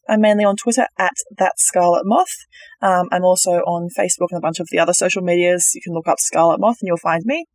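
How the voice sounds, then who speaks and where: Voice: medium pitch, dry recording. Enthusiastic Australian player, dry mic. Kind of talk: casual chat.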